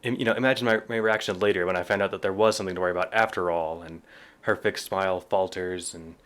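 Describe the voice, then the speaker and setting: Male podcast co-host, low voice, easygoing book chat with read-aloud quotes. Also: fast. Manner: reads passages aloud with lively quoted voices, chuckles often. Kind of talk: casual book discussion.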